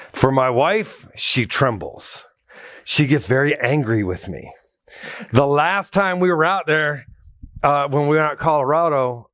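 A pastor with a mid-range voice preaches a conversational sermon in church, joking through personal stories and calling out to the congregation with animation. The sound is clean studio quality with no room sound.

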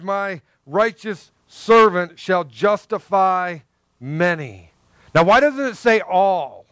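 A man's voice: high voice, a bit bright, smooth, no room sound. A man preaching a sermon in an earnest, conversational way, repeating phrases for emphasis. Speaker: pastor.

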